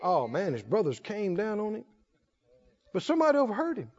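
A man's voice: high-pitched, huge pitch swings, brisk. A man preaching a sermon, telling the story in a folksy, humorous way and laughing often, recorded in a church. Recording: dull lo-fi recording in echoey hall.

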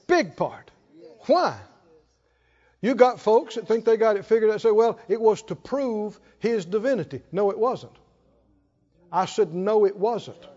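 A man preaches in a very high voice that swings widely up and down, with rhetorical questions thrown out to the congregation. The recording sounds dull and lo-fi. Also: animated, normal speed, dark tone, long reverb tail. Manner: rhetorical, asks the congregation to respond. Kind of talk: sermon.

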